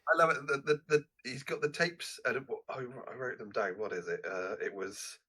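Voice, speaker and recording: Husky, bright-voiced man chatting films. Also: medium pitch. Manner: halting, laughs often, loses his train of thought. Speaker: podcast co-host. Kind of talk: casual movie review chat.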